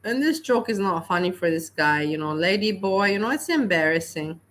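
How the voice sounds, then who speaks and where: Bright-voiced woman reacting to clips. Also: lowish voice, expressive, normal speed. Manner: earnest, repeats herself. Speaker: livestream host. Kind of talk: casual reaction commentary.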